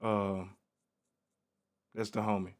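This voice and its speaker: Male podcast host, relaxed and slangy, talking casually on his own, a bit low in pitch. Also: slow pace. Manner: laid-back and slangy, peppers talk with "man". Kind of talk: casual solo podcast talk.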